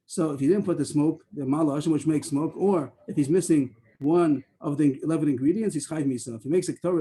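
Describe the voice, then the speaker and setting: A man teaching a Talmud class over a video call, explaining quickly and weaving in Hebrew and Aramaic terms. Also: fairly high pitch, mellow.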